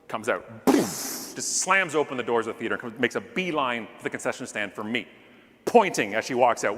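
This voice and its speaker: A middle-aged man from Canada giving a comedic keynote, telling a story animatedly, acting out yelling voices, with jokey asides. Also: medium pitch. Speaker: keynote speaker. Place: large conference hall stage. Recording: long hall reverb, faint room noise.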